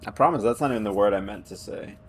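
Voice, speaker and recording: A man's voice: on the low side, quick pace, a little hiss or hum. A man streaming a game live, chatting playfully and laughing as he stumbles over tongue twisters. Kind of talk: live gameplay commentary.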